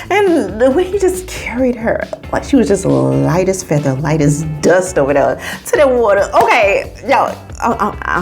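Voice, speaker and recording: A woman hosting a casual video review, chatty and gushing, talking straight to her viewers, sometimes dropping to a whisper and sometimes jumping to a squeal. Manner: drops into hushed whispers and jumps to high squeals. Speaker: movie reviewer and channel host.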